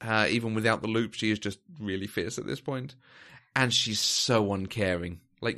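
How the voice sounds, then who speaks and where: A man's voice: on the low side, moderate pace, pushed and bright. A man co-hosting a casual film discussion, thoughtful and hesitant, with plenty of fillers and restarts. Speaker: podcast co-host.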